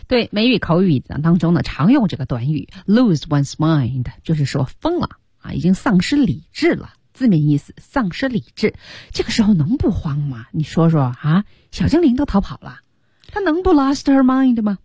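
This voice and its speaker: A woman's voice: lowish voice, very animated, moderate pace, few pauses, dark tone, breathy edge, no room sound. A woman teaching English on the radio, explaining a story line by line and imitating sounds playfully.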